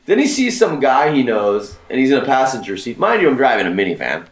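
In a roomy-sounding recording, a man co-hosting a podcast tells a long, casual story stuffed with "uh" and "like." He talks fast with hardly any pauses, his mid-range voice swooping wildly in pitch.

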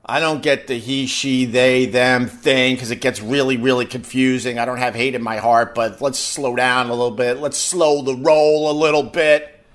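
A man's voice: mid-range voice, steady tone, moderate pace. A middle-aged man hosting a podcast live stream, talking in a blunt, rambling and profane way. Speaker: podcast host. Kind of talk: casual live-stream talk.

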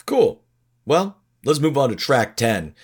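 A man's voice: mid-range voice, very animated, slow pace, husky. A man co-hosting a podcast, chatting casually about songs in a laid-back, chuckling way. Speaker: podcast co-host. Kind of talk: casual music review chat.

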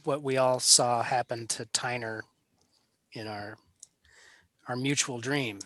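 A man's voice: mid-range voice, fairly even intonation, slow, a bit bright, no echo. A man playing a tabletop role-playing game, talking in an easygoing, hesitant way. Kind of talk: casual in-character game talk.

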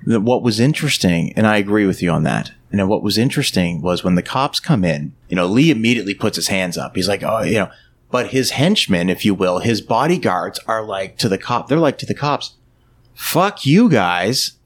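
Animated male podcast host, low voice. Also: fairly quick, a little hiss or hum. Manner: animated retelling, acting out movie lines with swearing. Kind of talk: casual film discussion podcast.

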